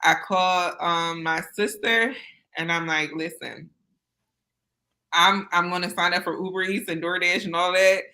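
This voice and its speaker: A woman's voice: fairly low pitch, fairly even intonation, measured pace, pushed and bright, rough recording. A woman guest telling her own story in an interview, earnest and candid with casual phrasing. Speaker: interview guest, business owner. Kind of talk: personal storytelling in conversation.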